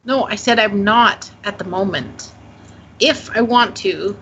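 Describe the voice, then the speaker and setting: A woman from Canada co-hosting a casual gaming podcast, sassy and quick, laughing easily. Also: mid-range voice, a bit bright, muffled recording, slight background noise. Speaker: podcast co-host.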